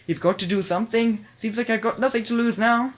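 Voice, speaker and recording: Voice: medium pitch, fairly quick, pitched above the performer's own voice, lightly acted. A trapped, frightened tugboat who pleads and worries, as a reader puts him on in a raised, strained voice. His words tumble out anxiously. The telling is a homemade storybook reading. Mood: desperate. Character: trapped, desperate male tugboat.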